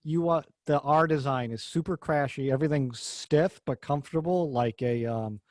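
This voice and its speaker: A man's voice: a little high, normal speed, darkish tone, no echo. A man hosting a podcast, talking cars in a rambling, jokey way and swearing casually. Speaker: podcast host. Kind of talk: casual car chat.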